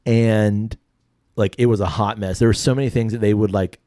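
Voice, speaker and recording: A man with a fairly low, mellow voice chats casually as a podcast co-host. He rambles in a relaxed way, padding his talk with fillers. The recording is close and dry. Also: normal speed, no room sound. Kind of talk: casual chat.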